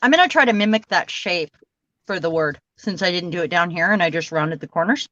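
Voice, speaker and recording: A woman's voice: fairly low pitch, lively intonation, fairly quick, a bit bright, muffled recording. A woman casually chatting and rambling while she makes cards on a livestream, laughing now and then. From Washington state. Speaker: card-making livestream host. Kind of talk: casual chat while crafting.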